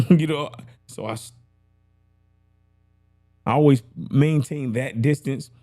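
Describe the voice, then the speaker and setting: Soft background music plays as a man with a medium-pitched, mellow voice speaks slowly while hosting a casual gear demo for his podcast. He's chatty and rambling, uses a broadcast dynamic mic with headphones, and keeps asking if you follow him.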